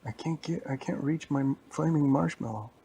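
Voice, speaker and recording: Man voicing an eager student in a told story; lifted, slightly gravelly voice. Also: on the high side, moderate pace, mellow, a little hiss or hum, voice pushed up, close to an everyday voice.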